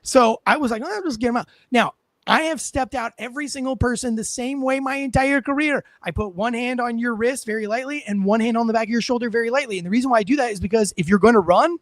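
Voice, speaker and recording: A man with a high voice tells a story as a former police officer, animated and swearing freely while he acts out each exchange. He sounds close and dry, with no room sound. It is casual talk-show chat. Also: quick pace, no room sound. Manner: animated, profane, acts out what people said.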